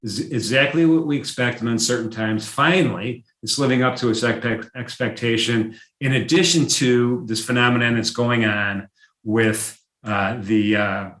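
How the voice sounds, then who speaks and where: A man hosting a live trading stream in a roomy, echoey space, talking loosely through price charts. He restarts sentences and drops fillers often. He perks up with excitement when a chart surprises him. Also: medium pitch, moderate pace. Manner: conversational, with frequent fillers and restarts; gets excited over charts. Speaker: market analysis host.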